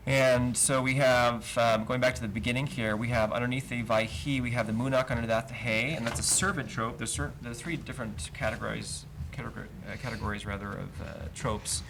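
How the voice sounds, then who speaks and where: A man's voice: medium pitch, fairly even intonation, brisk, creaky, few pauses, fairly bright tone. A man teaching a verse-by-verse Hebrew lesson, explaining cantillation marks patiently and chanting each trope name aloud. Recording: livestream with faint noise.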